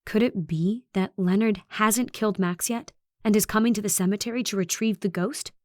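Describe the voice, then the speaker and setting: A woman narrates a first-person horror audiobook, her telling tense and expressive. Her pitch sits in the middle and the sound is dry and close. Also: normal speed, no echo.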